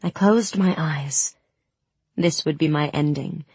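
Low husky woman narrating an audiobook. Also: a little mellow, dry recording. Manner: measured, voices characters' lines with heat. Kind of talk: first-person fantasy audiobook narration.

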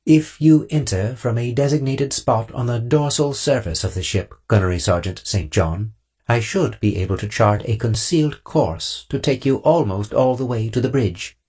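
A man voicing a calm, precise robotic ship computer, speaking in a slow, measured, formal way in an audiobook. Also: medium pitch, husky, voice pushed up, close to an everyday voice.

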